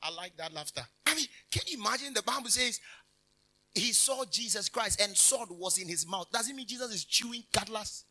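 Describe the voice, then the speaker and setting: A man's voice: high-pitched, lively intonation, brisk, sharp tone, low-quality recording. A man preaching a conversational sermon, emphatic and jokey, breaking off with hallelujahs and laughter. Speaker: minister. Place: convention hall.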